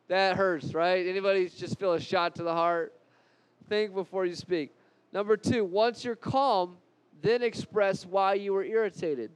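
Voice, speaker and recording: A man giving an animated anger-management talk to a live group, repeating key points and joking at his own expense. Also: high voice, low-quality recording.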